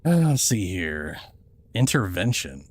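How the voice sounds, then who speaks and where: A man giving casual gameplay commentary, excitable and talking back at the game. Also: sits low, takes it slowly, dry recording. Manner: excitable, talks to the game, swears. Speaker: gaming streamer.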